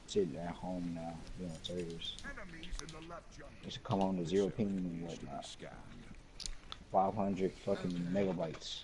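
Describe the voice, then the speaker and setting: A young man chatting loosely and swearing often while gaming over a voice chat line. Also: sits low. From Latino. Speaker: gaming stream co-host.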